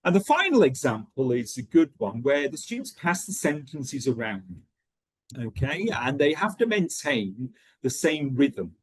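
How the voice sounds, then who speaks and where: A man's voice: medium pitch, a little slow, breathy edge, no echo. A man leading an online teacher-training lesson, checking in often with "okay" as he explains. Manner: lively, checks in with frequent "okay".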